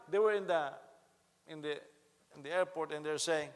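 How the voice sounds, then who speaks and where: A man preaching a sermon in a church hall, his fairly high voice carrying a long reverb. He is animated, drops low and then bursts out loudly as he acts out what people said. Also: moderate pace, pauses often. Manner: animated, acts out quotes loudly, rising from quiet to shouting. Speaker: pastor.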